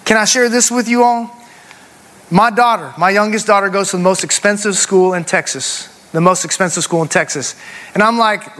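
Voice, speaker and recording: A man's voice: high-pitched, moderate pace, a bit bright. A man in his forties preaching a sermon, telling a personal story with emphasis and calling the congregation "y'all". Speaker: pastor. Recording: long hall reverb.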